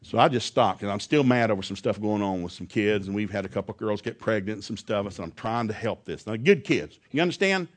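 A man who preaches by telling stories and acting out the quoted lines loudly. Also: fairly low pitch, quick pace, few pauses. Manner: animated, acts out quotes loudly. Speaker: preacher and former school teacher. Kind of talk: storytelling sermon.

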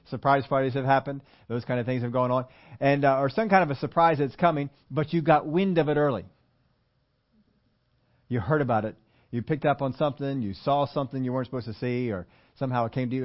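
A man preaching an animated sermon and asking his congregation questions. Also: mid-range voice, dull audio. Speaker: pastor.

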